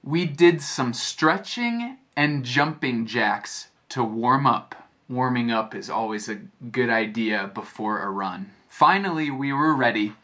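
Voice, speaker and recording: An American man teaching a lesson as a story, speaking clearly and repeating phrases to explain them. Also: medium pitch, expressive, slow pace, few pauses, bright, forceful tone. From United States. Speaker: English teacher. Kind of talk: slow storytelling lesson for learners.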